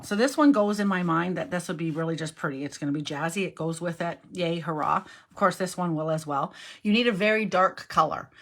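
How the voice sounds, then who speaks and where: A middle-aged woman with a fairly low, fairly bright voice gives a casual cardmaking lesson at her craft table. She chats and thinks aloud as she works, often correcting herself.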